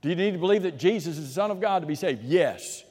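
A man's voice: high voice, expressive, fast. Emphatic preacher man in a reverberant hall. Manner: emphatic, swings between loud and hushed; asks and answers his own rhetorical questions. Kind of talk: sermon.

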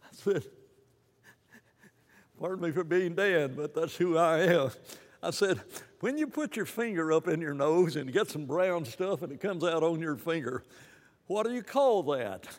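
A man preaching a sermon in an animated, rambling way, with many restarts and fillers. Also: fairly high pitch, unhurried, long pauses, long reverb tail.

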